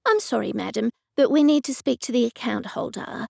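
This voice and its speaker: A woman voicing a curt female call-centre operator who speaks in a flat, bureaucratic, demanding way. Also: on the high side, fairly quick, creaky, husky, dry recording, clean studio sound, heavily acted.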